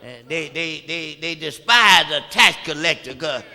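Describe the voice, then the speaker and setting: A man preaching a sermon, stammering through repeated words and building from quiet talk up to loud shouts. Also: a little high, expressive, measured pace. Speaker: pastor. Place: church sanctuary. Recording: long reverb of a church hall.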